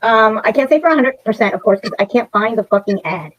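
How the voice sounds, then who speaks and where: Rapid, profane woman ranting on a livestream. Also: fairly high pitch, animated, dull audio, a little hiss or hum. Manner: profane, rambling, repeats herself. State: emotional and upset. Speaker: livestream host. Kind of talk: casual ranting livestream chat.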